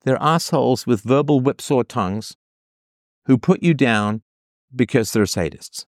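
Male advice host, blunt and profane, mid-pitched, dry booth sound. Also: measured pace, dry recording. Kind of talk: heated advice monologue.

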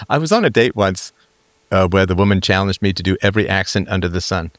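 A man's voice: fairly low pitch, huge pitch swings, normal speed, fairly bright tone, dry recording. A man hosting a livestream, chatting casually and reading out comments. He rambles with a self-mocking, joking manner. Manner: rambling and self-mocking, with lots of fillers and restarts. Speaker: livestream host.

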